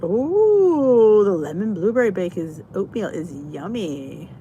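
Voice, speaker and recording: A woman's voice: mid-range voice, sing-song, slow pace, warm tone, lo-fi sound, a little hiss or hum. Chatty woman hosting a live stream. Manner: chatty, rambling, often breaks off to say good night to viewers. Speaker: host of a live stream chat. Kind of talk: casual live-stream chat.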